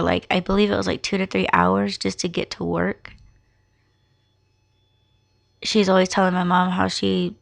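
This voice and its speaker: A woman's voice: on the low side, gravelly. A young woman hosting a podcast, telling a personal family story in a candid, emotional way and swearing freely. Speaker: podcast host.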